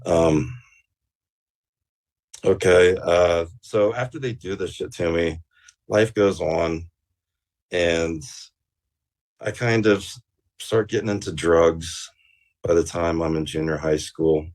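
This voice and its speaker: A man's voice: sits low, steady tone, slow pace, long pauses, a little mellow. A man guest on an interview show, telling a rambling story casually with plenty of swearing and fillers. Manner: rambling and profane, with many fillers.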